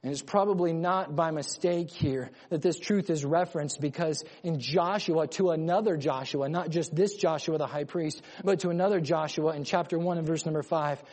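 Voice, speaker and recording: A man preaching a sermon with emphatic delivery, swinging between loud urgent lines and quiet low ones. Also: moderate pace, few pauses. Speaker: pastor. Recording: long hall reverb.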